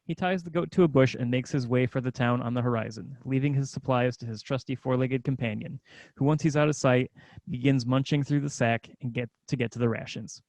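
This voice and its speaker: Gravelly man reading stage directions. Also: medium pitch, steady tone, brisk, darkish tone, no room sound. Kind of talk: scripted screenplay narration.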